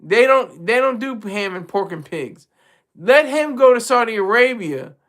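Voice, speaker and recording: Male streamer host, high and bright, animated casual commentary with lots of restarts. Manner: animated, repeats and restarts phrases.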